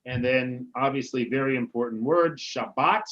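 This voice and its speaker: Man, rabbi, casual online lesson, chatty, middle pitch, muffled call audio. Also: moderate pace. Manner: relaxed, chatty, many "right?" checks. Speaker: rabbi teaching a Hebrew class. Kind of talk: casual online class teaching.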